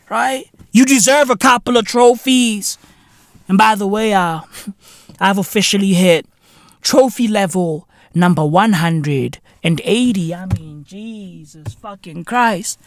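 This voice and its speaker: A man in his thirties rants through a podcast monologue, cursing and mocking as he goes. His pitch leaps all over the place, and now and then he breaks into a shout. The sound is dry and close to the mic. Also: no echo. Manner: profane, mocking, bursts into shouting. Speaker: podcast host. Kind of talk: comedic rant monologue.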